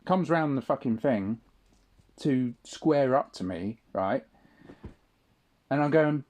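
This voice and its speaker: A man's voice: mid-range voice, lively intonation, slow, pauses often, a little mellow. Indignant man ranting. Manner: indignant ranting, frequent tag questions and swearing. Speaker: vlogger. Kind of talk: solo audio-log monologue.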